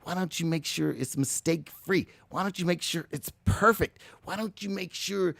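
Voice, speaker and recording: A man hosting a motivational talk, energetic and preachy, who keeps addressing listeners as ladies and gentlemen. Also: high voice, normal speed, creaky, no room sound. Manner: energetic, preachy, slips into mock voices. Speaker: motivational show host.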